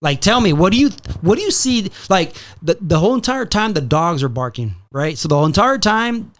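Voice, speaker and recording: A man hosting a podcast, telling a story in a casual, profane, animated way and slipping in Spanish phrases. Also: sits high, a little fast. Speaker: podcast host.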